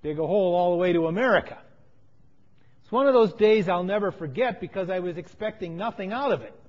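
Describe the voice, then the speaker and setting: A man preaching a sermon, telling a story from his teaching work with emphatic lines that fall to quiet phrases. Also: high-pitched, lively intonation, a little fast. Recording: dull sound with long hall reverb.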